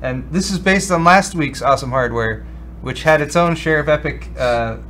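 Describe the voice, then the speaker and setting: A man's voice: fairly high pitch, normal speed, fairly bright tone, a little hiss or hum. A man co-hosting a casual tech show, talking loosely with frequent restarts and fillers. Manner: rambling, restarts with many ums and uhs. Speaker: co-host. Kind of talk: casual chat.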